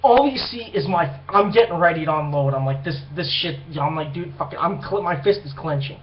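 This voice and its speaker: A young man with a high-pitched voice tells a rambling story full of swearing, acting out the people in it. The recording is dull and lo-fi. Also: a little fast, a little hiss or hum. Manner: profane, rambling, animated retelling. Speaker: vlogger. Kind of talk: casual storytelling monologue.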